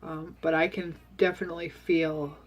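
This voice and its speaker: A woman with a slightly low voice talks through her diet update in a loose, candid way. She is chatty and rambles, with plenty of ums, and she sounds like she is at home. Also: level tone, moderate pace. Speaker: vlogger sharing a diet update. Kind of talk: casual chat.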